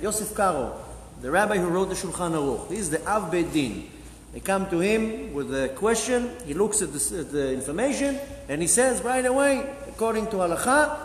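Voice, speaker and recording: Animated rabbi storytelling in echoey hall. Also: male voice, high-pitched, moderate pace, slight background noise. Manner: animated storyteller acting out dialogue. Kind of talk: storytelling Torah class. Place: synagogue hall. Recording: echoey hall with faint ambience.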